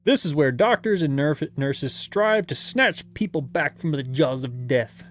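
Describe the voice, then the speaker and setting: A man's voice: a little high, expressive, measured pace, soft background music. A man reading a gamebook aloud as game master, with playful asides and laughter.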